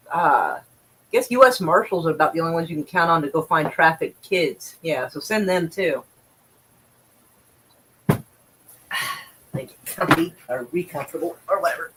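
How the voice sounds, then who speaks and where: A woman's voice: lowish voice, a bit bright, breathy edge, low-quality recording. A woman livestreaming, reading news aloud and reacting with sarcastic, profane commentary and exasperated sighs.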